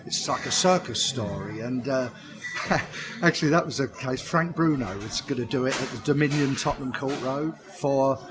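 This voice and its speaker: A man's voice: mid-range voice, normal speed, crowd noise. Older man telling chatty anecdotes. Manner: chatty storyteller who laughs often at his own anecdotes. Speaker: guest, comedy performer and pantomime writer. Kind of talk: anecdotal interview chat.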